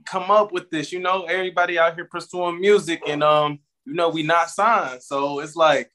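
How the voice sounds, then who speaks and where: Male guest, relaxed talker, tense bright timbre. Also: fairly high pitch, moderate pace, a little hiss or hum. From Detroit, USA. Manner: laid-back, loose with many "you know" fillers. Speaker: guest musician. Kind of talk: casual interview talk.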